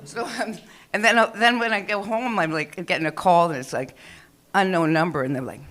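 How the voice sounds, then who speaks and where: Bright-voiced middle-aged woman doing stand-up. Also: on the low side, a little fast. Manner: chatty, rambling, swears, acts out quoted people. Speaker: stand-up comedian. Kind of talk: open-mic stand-up storytelling. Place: small comedy club stage.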